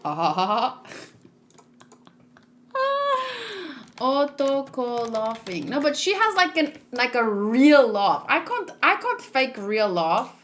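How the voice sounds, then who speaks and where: Woman hosting a casual manga read-along: high, bright voice, unhurried, chatty. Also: very animated. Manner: chatty, self-interrupting, laughs often.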